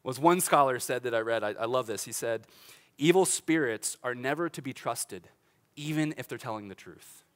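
Speaking at a normal speed and medium pitch, a middle-aged man preaches a sermon from the church sanctuary. He's a pastor with an easygoing, animated style, often laughing and starting sentences over.

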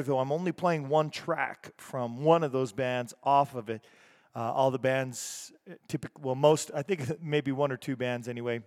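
A man's voice: mid-range voice, smooth. A man hosting a music show, talking casually and rambling with fillers and self-corrections.

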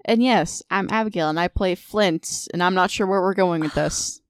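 A woman's voice: fairly low pitch, moderate pace, smooth, no room sound, clean studio sound. A woman who plays a character in a tabletop game, chatting and teasing the others. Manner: bantering, teasing. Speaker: player. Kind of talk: casual chat.

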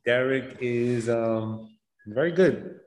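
A man's voice: medium pitch, slow, noisy background. A man in a casual football chat, talking hesitantly with many fillers.

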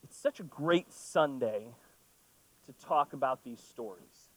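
A man's voice: medium pitch, lively intonation, takes it slowly, breathy edge, no echo, low-quality recording. A man preaching a sermon, reading scripture and then talking through it in a conversational way with playful asides. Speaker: pastor.

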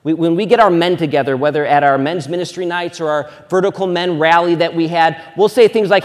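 A man in his thirties preaching a sermon as a pastor, moving between loud emphatic preaching and quiet, hushed storytelling. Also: fairly high pitch, fairly quick, few pauses, long reverb tail. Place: church sanctuary.

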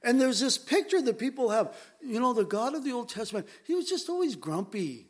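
A man's voice: very high-pitched, big pitch swings, brisk. A man preaching a conversational sermon to his congregation, earnest and emphatic, often repeating words as he presses a point.

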